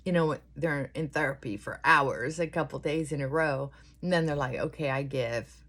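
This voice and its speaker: A woman's voice: low-pitched, normal speed, a bit bright, breathy edge. A middle-aged woman chatting earnestly and giving advice while doing her makeup.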